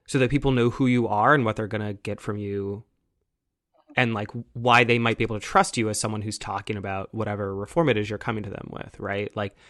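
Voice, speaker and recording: A man's voice: on the low side, fairly even intonation, fairly quick, fairly bright tone, no echo, studio quality. A man hosting a podcast interview, asking long, curious, rambling questions. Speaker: podcast host.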